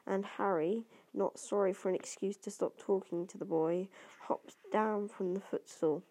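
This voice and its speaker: A woman's voice: mid-range voice, steady tone, moderate pace, warm tone. A woman doing an amateur audiobook reading, stumbling over words and restarting now and then. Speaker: reader.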